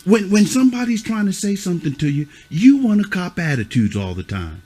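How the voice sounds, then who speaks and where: High-voiced middle-aged man as a tough mentor, scolding kids bluntly. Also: sing-song, fairly quick, dark tone. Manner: scolding, repeats "huh?" and "you see what I'm saying"; blunt, curses. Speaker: youth mentor. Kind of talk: stern lecture to children.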